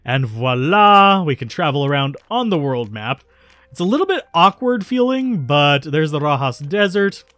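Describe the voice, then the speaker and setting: A man's voice: a little high, big pitch swings, normal speed, a bit bright, no echo. Chatty man commenting on a game. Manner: chatty, self-correcting. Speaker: let's play host. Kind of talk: casual gameplay commentary. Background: faint game music.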